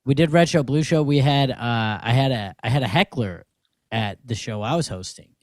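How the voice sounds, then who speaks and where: A man's voice: medium pitch, normal speed, no room sound, clean studio sound. A young man in his twenties co-hosting a podcast, telling stories in casual banter and laughing often. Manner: animated storytelling, laughs often. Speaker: podcast co-host.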